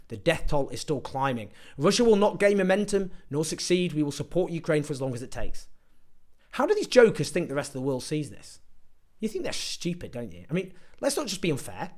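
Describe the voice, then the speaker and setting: Sarcastic, indignant British man commentating. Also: on the high side. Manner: sarcastic and indignant, with rhetorical questions. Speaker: political commentator. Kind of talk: opinion monologue to camera.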